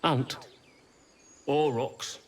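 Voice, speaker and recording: An actor voicing a weary, sly talking ox in a video game. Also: male voice, medium pitch, fairly even intonation, extremely slow. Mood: deadpan.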